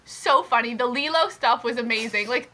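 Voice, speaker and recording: A woman's voice: fairly high pitch, normal speed, sharp tone, rough recording. A woman gushing enthusiastically about a friend's story in casual chat, laughing often. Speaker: podcast co-host.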